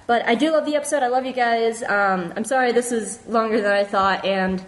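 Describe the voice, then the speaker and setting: Recorded with poor audio, this fan's voice message to a podcast features a young woman speaking briskly in a slightly high voice. She shares a heated, earnest opinion in a casual way, nearly crying and restarting again and again.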